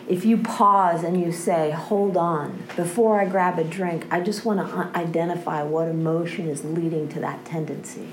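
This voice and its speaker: A woman's voice: fairly low pitch, a little hiss or hum, rough recording. A woman giving an impassioned personal testimony about recovery, earnest and often checking in with a questioning "right?". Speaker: speaker sharing a recovery story.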